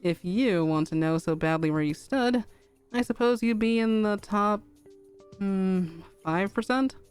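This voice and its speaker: A woman's voice: medium pitch, measured pace, smooth, faint music behind, natural voice. A woman voicing a cool, aloof young woman who speaks dryly in a fanfic reading. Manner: dry, deadpan. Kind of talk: fanfic read-aloud on stream.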